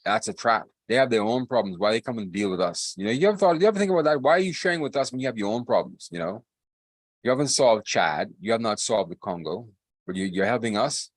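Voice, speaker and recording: A man's voice: on the low side, animated, fast, dry recording. A man co-hosting a podcast, ranting emphatically and repeating himself in casual political talk. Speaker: podcast co-host.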